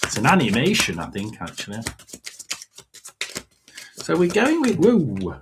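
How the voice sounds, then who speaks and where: Slow, halting man reading tarot. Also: on the high side, huge pitch swings, background noise. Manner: rambling and halting, with frequent ums and throat clearing. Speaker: tarot and spirit box reader. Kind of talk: casual livestream reading.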